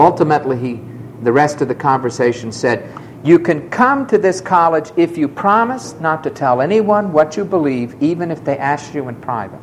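A man's voice: fairly high pitch, slight background noise. A man preaching a sermon, telling a personal story with emphatic, dramatic delivery and acting out the people he quotes.

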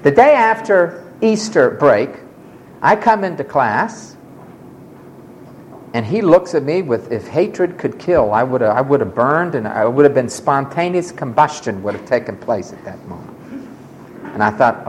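Male preacher, storytelling sermon, animated swings in pitch, emphatic delivery. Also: normal speed, a little hiss or hum, poor audio. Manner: emphatic, dramatic retelling with acted quotes.

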